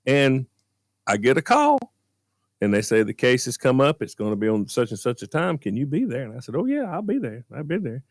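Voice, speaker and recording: As a guest on a casual radio podcast chat, a former beer truck driver tells a story with animated flair, acting out the voices of the people he quotes. His mid-range voice runs a little fast, and the dry recording has clean studio sound.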